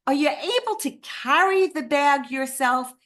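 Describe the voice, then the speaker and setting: A woman voicing a calm adult daughter who asks gentle, coaxing questions. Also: high-pitched, unhurried, voice pushed up. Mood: patient.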